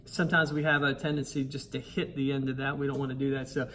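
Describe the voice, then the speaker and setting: A man teaching a choir its parts, singing the lines, counting in and talking in a relaxed, encouraging way over loud piano. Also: medium pitch, fast, hardly any pauses, slight background noise. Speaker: choir director. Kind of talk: choir rehearsal tutorial. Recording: piano music loud behind him.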